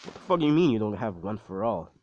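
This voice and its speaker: A man voicing a cranky old male retired hero, raising his voice higher and louder in indignation. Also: very animated, quick pace, no echo. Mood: indignant. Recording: dull, dry close recording.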